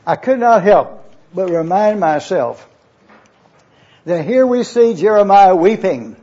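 Male preacher with a high, warm voice, repeats points and spells words out; muffled lo-fi sermon recording. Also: animated. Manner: deliberate, spells out Greek words letter by letter; repeats points for emphasis, urges listeners to take notes. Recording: dull lo-fi recording.

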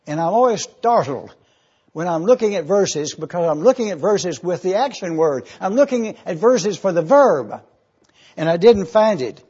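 A male pastor delivers a sermon in a fairly high, husky voice. He talks slowly and deliberately and draws out the words he wants to stress. The recording is dull and lo-fi. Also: a little mellow. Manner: deliberate preaching, stretches key words.

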